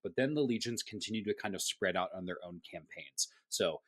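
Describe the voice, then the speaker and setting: A man co-hosting a podcast in casual chat, chatty and playful with quick asides. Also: low voice, expressive, a bit bright, dry recording. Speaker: podcast co-host.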